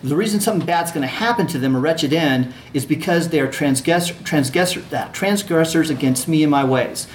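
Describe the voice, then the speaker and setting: A man's voice: on the high side, brisk, few pauses. A man teaching a class on a religious allegory, talking conversationally, repeating phrases and checking in with his listeners. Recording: echoey room with faint ambient noise.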